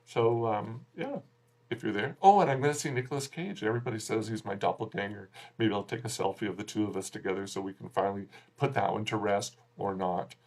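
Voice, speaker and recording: A man's voice: lowish voice, brisk, a little mellow. Man chatting through a film review. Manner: rambling, with frequent fillers and restarts. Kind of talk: casual spoken film review.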